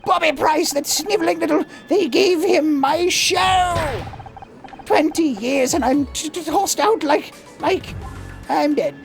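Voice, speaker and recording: A man's voice: extremely high pitch, animated, slow pace, vocal fry, over music, voice pushed up, heavily acted. A man voicing a drunk, flustered middle-aged male TV host who stammers and rambles. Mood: bitter. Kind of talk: voicing a game character.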